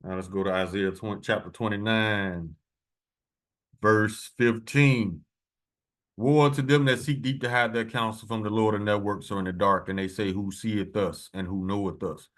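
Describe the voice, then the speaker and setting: A man reading scripture verses slowly and adding blunt, profane commentary between them. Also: lowish voice, steady tone. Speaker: preacher.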